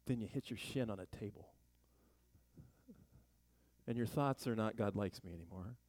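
A man's voice: on the low side, normal speed, long pauses, a little mellow, no room sound. A man teaching a Bible study in a chatty sermon style, full of joking asides and rhetorical questions.

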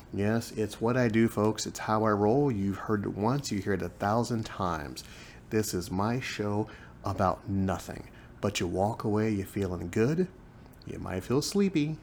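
A man in his forties with a fairly low voice, hosting a podcast from his couch at home. He talks close to the microphone in a joking, self-mocking way, jumping from loud bursts to quiet asides. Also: slight background noise. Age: 40s. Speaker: podcast host. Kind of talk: casual comedic monologue. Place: living room at home, on a couch. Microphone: microphone close in front of his face.

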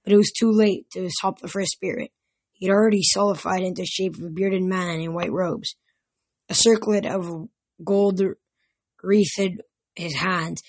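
Husky woman reading an audiobook. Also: lowish voice, steady tone, moderate pace, darkish tone. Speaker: reader.

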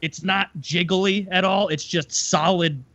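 A man's voice: high voice, steady tone, a little slow, sharp tone, no echo. A young man co-hosting a casual podcast chat, rambling with lots of fillers. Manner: rambling, filler-heavy, mock-voices others. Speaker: podcast co-host.

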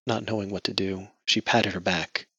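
A male audiobook narrator reads in a measured storytelling manner. His low voice is husky yet bright. The recording is dry and dull, like lo-fi audio. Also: steady tone, no echo. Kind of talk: scripted narration.

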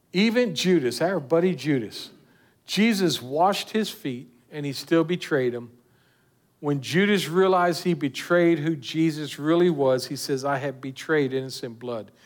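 A man preaching a sermon earnestly, putting direct questions to his listeners. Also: a little high. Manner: earnest, rising and falling with emphasis, asking the listeners direct questions.

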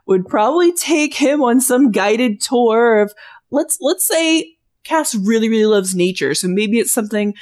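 A woman's voice: on the high side, animated, measured pace, a little mellow. Chatty young woman, swears freely. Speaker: podcast co-host. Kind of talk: casual chat.

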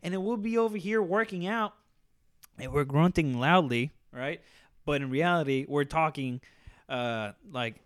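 Give me a lively young man telling a story to friends, cursing freely and doing everyone's voices. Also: a little high, a little slow, smooth. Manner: animated, profane, acts out quoted voices. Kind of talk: casual storytelling.

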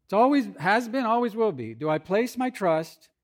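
A man's voice: sits high, big pitch swings, moderate pace. Conversational male pastor preaching a sermon. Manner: conversational preaching with playful asides and acted-out quotes.

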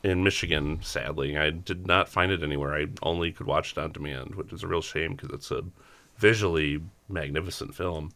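A man on a film podcast, describing films in a measured way with frequent ums. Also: rumbling low, pushed and bright. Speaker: podcast co-host. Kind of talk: casual chat.

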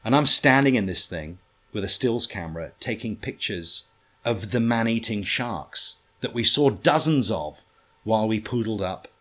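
A man telling a lively anecdote in casual talk, swearing freely and acting out what others said. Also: on the low side, moderate pace. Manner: animated, swearing, acts out others' lines. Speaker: storyteller guest.

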